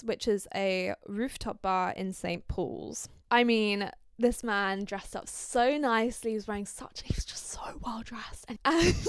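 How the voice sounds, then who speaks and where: A young woman from Scandinavia hosting a podcast, telling a story in an animated, gossipy way and swearing freely. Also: mid-range voice, smooth, dry recording, studio quality. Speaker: podcast host. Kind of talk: casual storytelling chat.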